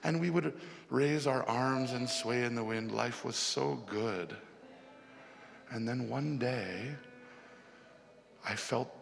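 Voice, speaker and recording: A man giving a heartfelt spiritual talk, telling a parable slowly and tearfully, with long pauses. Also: medium pitch, creaky. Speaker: speaker at a devotional music festival. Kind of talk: emotional spiritual talk with a first-person parable. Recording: long hall reverb with music behind.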